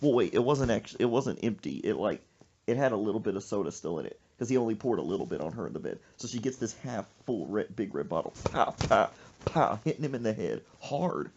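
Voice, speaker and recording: A woman's voice: extremely low pitch, fast, a little hiss or hum. A woman hosting a podcast, telling a comic story with sound effects and laughter. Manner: animated, laughing between lines, sound effects. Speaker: podcast host. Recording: muffled lo-fi podcast audio.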